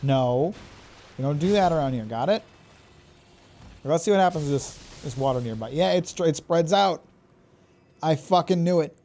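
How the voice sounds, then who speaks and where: A man streaming a video game live, reacting excitably, swearing and taunting the enemies he fights. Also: fairly high pitch, moderate pace, long pauses, a little hiss or hum. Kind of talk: live gameplay commentary.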